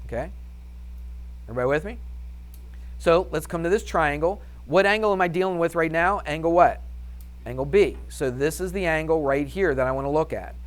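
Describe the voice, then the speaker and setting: A man's voice: on the high side, brisk. A man teaching a math class, upbeat and chatty, firing questions at the students and answering them himself. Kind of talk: classroom lesson.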